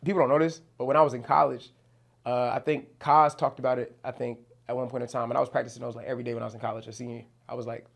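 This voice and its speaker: A man's voice: mid-range voice, level tone, very fast, vocal fry. A young man from New Jersey, a rapper talking casually in an interview, loose and slangy with plenty of swearing. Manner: loose, slangy, swears, many "you know what I'm saying". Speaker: rapper guest.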